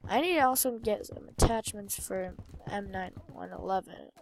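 A young woman giving casual commentary while playing a shooter game, excitable and often muttering to herself. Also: mid-range voice, normal speed, creaky, noisy background. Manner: excitable, swears mildly, trails off into mumbling. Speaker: gamer. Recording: faint game gunfire behind.

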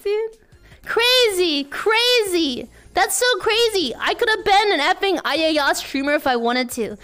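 High, bright-voiced excitable young woman streamer. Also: a little slow. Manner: excitable, bursts into shrieking shouts and laughter. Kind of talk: casual livestream chat.

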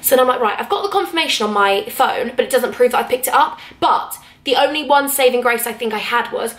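A young woman telling a story in an animated, chatty vlog, acting out each side of the conversation from her hotel room. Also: a little high, fast, echoey room. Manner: animated, acts out both sides of conversations. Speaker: vlogger.

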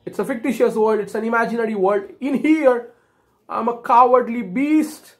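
A woman's voice: a little high, normal speed, pitched above the performer's own voice, lightly acted. A woman teacher voicing a timid, weeping male lion who calls himself a coward.

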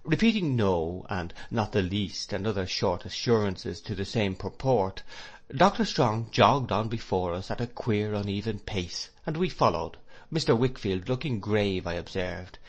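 A male audiobook narrator with a fairly low voice, reading a classic novel in measured, even scripted narration. His delivery is steady and unhurried.

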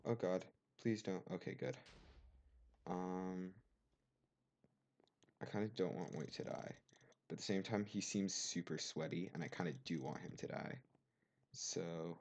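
A man's voice: low-pitched, unhurried, gravelly, long pauses, darkish tone. A young man commentating his game with sarcastic, mock-offended rants on a cheap desk mic. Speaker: gamer. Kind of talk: gameplay commentary.

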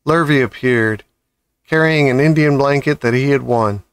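A man reading a children's novel aloud with calm, measured storybook narration. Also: mid-range voice, clean tone, dry recording. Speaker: audiobook reader.

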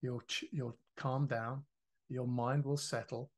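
A man, a podcast guest explaining his ideas in a lively, casual way, acting out quoted voices and swearing now and then. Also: medium pitch, slow. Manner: animated, swears freely, acts out quoted voices.

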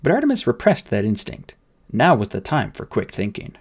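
A man reading an audiobook aloud with expressive, dramatic narration. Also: mid-range voice, normal speed, breathy edge.

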